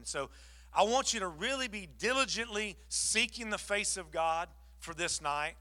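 A man, a pastor preaching and telling a story with lively, acted-out dialogue. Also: high-pitched, fairly quick. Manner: animated storytelling, acts out both sides of the talk. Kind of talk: sermon with a story.

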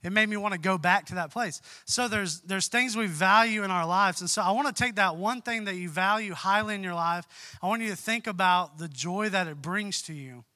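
A man's voice: sits high, fairly quick, bright, forceful tone, no room sound. A young man giving a conversational sermon as pastor in a church, folksy and full of asides. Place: church sanctuary.

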